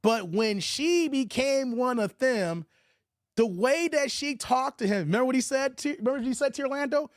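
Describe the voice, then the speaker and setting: High-voiced man chatting on a livestream. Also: moderate pace, no room sound, studio quality. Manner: animated, slangy, laughs often. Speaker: livestream host. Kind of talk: casual livestream movie commentary.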